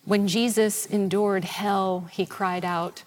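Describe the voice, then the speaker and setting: A woman preaching a sermon in a slow, reflective, prayerful way, her voice sinking toward a whisper. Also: mid-range voice, steady tone, a little hiss or hum.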